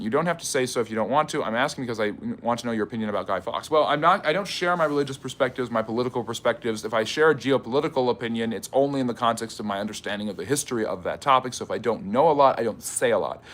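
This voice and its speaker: A man's voice: medium pitch, a bit bright. A man hosting a live history stream, reading viewer questions aloud and answering them in a chatty way. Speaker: history channel host.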